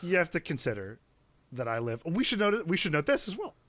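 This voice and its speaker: Animated guy chatting. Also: on the high side, fairly quick, no room sound. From Central California. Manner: laid-back, casual slang. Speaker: podcast co-host. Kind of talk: casual chat.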